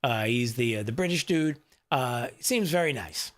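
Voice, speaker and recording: A man's voice: medium pitch, animated, moderate pace, fairly bright tone. A male talk radio host speaking from a studio. He rambles in a casual, chatty way, full of fillers and asides to his producer off-mic.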